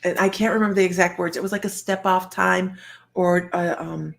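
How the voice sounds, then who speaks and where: Older woman, gravelly voice, chatty storyteller, laughs a lot. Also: on the low side, brisk. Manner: chatty, animated, laughing often. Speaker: psychic medium. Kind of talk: storytelling monologue.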